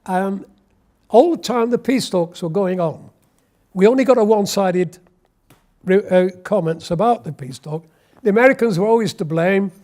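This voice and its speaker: High-voiced elderly man reminiscing. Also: moderate pace, a little mellow. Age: 80s. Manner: wry, anecdotal storytelling. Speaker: war veteran interviewee. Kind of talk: oral history interview.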